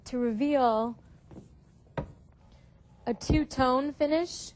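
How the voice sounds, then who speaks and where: A woman's voice: sits high, extremely slow, a little mellow, a little hiss or hum, poor audio. A woman giving a hands-on painting demonstration, explaining each step and repeating phrases as she works. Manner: instructive, repeats phrases while working. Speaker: painting guest.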